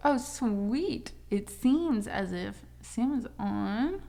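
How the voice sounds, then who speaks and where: A woman's voice: fairly high pitch, lively intonation, very slow, vocal fry, warm tone. A young woman hosting a casual livestream, chatting with viewers in a chatty, emotional way and thanking them often. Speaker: livestream host.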